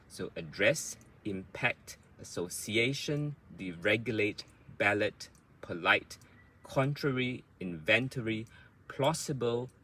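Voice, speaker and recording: A man's voice: on the low side, fairly bright tone, rough recording. A man teaching English pronunciation, patiently explaining word stress step by step, with frequent fillers. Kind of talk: pronunciation lesson.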